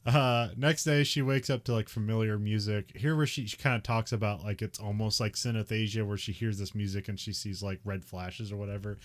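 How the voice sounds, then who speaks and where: A man's voice: fairly low pitch, fairly even intonation, a little fast, few pauses. A man co-hosting a podcast, recapping a film in casual chat, rambling with lots of fillers and little laughs. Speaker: podcast co-host.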